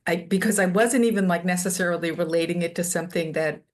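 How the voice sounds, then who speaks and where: Female guest from New York, lowish voice, muses aloud in a chatty way. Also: fast. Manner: reflective, chatty, thinks aloud. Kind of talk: casual radio interview.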